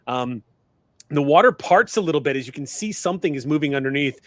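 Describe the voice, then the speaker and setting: A man's voice: fairly high pitch, animated, brisk, a bit bright, dry recording, studio quality. A man narrating a tabletop game as game master, rambling a little with restarts.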